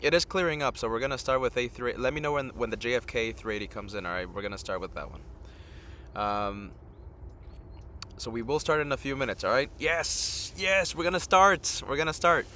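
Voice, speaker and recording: A man's voice: mid-range voice, fairly quick, sharp tone, a little hiss or hum. A tired man hosting a live stream outdoors, rambling casually and chatting straight to his viewers. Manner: rambling, chats directly with viewers. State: tired from little sleep.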